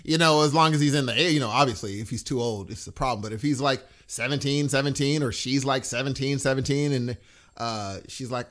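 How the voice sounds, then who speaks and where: A man's voice: medium pitch, a little fast. A middle-aged man co-hosting a podcast, chatting casually and acting out what people would say. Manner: animated, acts out quoted voices. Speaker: podcast co-host. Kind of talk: casual chat.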